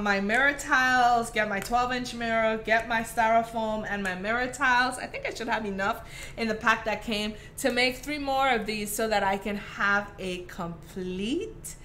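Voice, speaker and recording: A woman's voice: fairly high pitch, a little slow, pushed and bright, slight background noise. A woman with a Caribbean accent hosting a live craft tutorial, chatty and affectionate with her viewers. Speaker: craft host.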